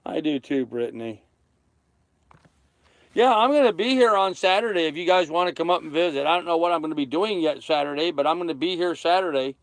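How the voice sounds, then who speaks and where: A man's voice: fairly high pitch, a little fast, dry recording. A man in his thirties hosting a casual livestream from his sailboat, chatting and thanking viewers by name. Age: 30s. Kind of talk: casual livestream chat reading comments. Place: on a sailboat cockpit.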